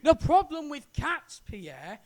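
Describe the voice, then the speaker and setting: Emphatic podcast co-host. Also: male voice, extremely high pitch, wildly swooping pitch, slow pace. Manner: emphatic, lecturing explanations. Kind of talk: casual chat.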